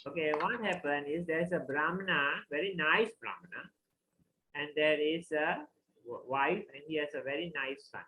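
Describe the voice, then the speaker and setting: A man, teaching a class by telling a devotional story in a relaxed, conversational way. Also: on the high side, moderate pace, a little hiss or hum, low-quality recording. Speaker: scripture teacher.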